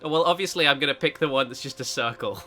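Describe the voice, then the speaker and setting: A man's voice: mid-range voice, quick pace, bright, forceful tone, soft background music. A man co-hosting a casual gameplay video, joking and rambling as he plays and mocks himself. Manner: jokey, rambling, self-mocking. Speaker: gaming co-host.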